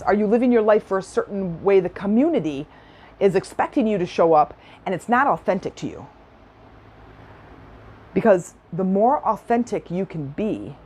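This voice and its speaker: A woman's voice: mid-range voice, darkish tone. Enthusiastic chatty woman podcaster. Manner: chatty and enthusiastic, acts out other voices. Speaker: podcast host. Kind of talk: personal storytelling podcast.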